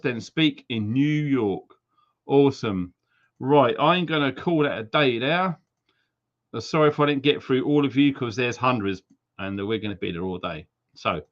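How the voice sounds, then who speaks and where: A man's voice: mid-range voice, a bit bright. A man hosting a live stream, reading out viewers' names and places in a chatty, jokey way and slipping into silly accents. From Wales. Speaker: livestream host. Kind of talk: casual live-stream shout-outs. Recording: slightly dull lo-fi stream audio.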